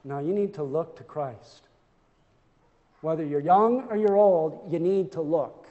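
A man's voice: on the high side, measured pace, long reverb tail, narrow, tinny audio. A man preaching a sermon in a church, earnest and emphatic, often stumbling over repeated words as he restarts.

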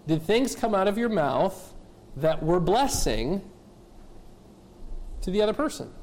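Emphatic high-voiced male pastor preaching. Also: big pitch swings, measured pace, a little mellow. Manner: emphatic, rhetorical questions to the congregation; addresses kids and adults directly. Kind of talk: sermon.

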